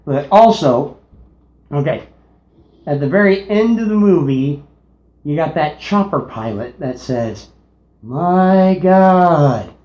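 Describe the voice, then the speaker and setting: A man co-hosting a casual movie review, unhurried, sharing trivia. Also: a little high, expressive, mellow. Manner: unhurried, shares trivia tidbits. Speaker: podcast co-host. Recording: echoey room, dull lo-fi sound.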